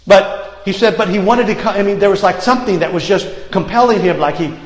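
A man with a high, bright voice preaches in a church hall, telling a story with lively acted-out quotes and calling for amens. His voice rings through the room and trails off in a long echo. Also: moderate pace. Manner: animated, acts out quotes, calls for amens. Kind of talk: sermon storytelling. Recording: echoey hall, long reverb.

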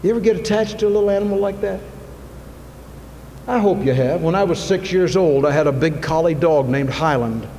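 A man preaching a sermon in a church, moving from soft, intimate asides to loud, fervent appeals. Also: on the high side, fairly quick. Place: church sanctuary. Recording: long reverb, faint ambient noise.

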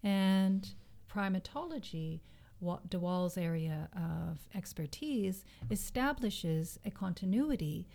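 A woman co-hosting a casual academic discussion, explaining ideas in a measured way. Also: on the low side, creaky, warm tone.

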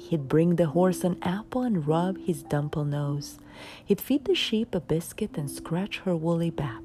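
A woman hosting a podcast, reading a children's storybook aloud in a gentle, expressive way. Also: on the low side.

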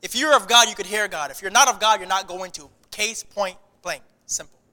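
A man preaching a sermon in a church, animated and often restarting his sentences. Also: high-pitched, fairly quick, in a large hall. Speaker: pastor.

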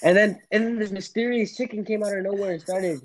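A man's voice: high voice, steady tone, a little fast, slight background noise, poor audio. A young man hosting a casual podcast chat, rambling and laughing with many restarts. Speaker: podcast host.

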